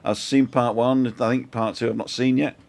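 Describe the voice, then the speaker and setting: A man's voice: medium pitch, fairly even intonation, moderate pace, vocal fry, a little mellow. A man hosting a casual live-stream chat, jokey and chatty, reading out viewer comments. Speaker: host.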